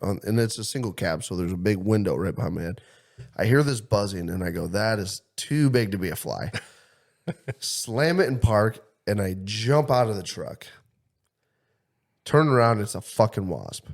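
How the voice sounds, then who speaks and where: A man co-hosting a podcast, telling a story in a profane, excitable way. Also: on the low side, normal speed. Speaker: podcast co-host. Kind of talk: casual chat, storytelling.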